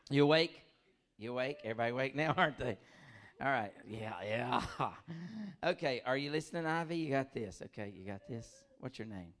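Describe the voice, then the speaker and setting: A man's voice: mid-range voice, brisk. A middle-aged man performing a stand-up comedy set, telling stories, acting out voices and laughing often. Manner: animated storytelling, acts out voices, laughs often.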